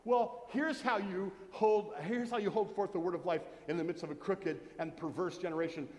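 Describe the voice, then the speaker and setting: A man's voice: sits high, expressive, brisk, hardly any pauses, darkish tone. A man preaching a sermon as pastor, conversational, with joking asides and questions to the congregation. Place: church sanctuary. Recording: long church hall reverb.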